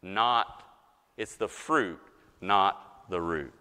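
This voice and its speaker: A man preaching a sermon as a pastor, animated, mock-voicing objectors and swinging between loud and soft. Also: sits low, very slow, clean tone, long reverb tail.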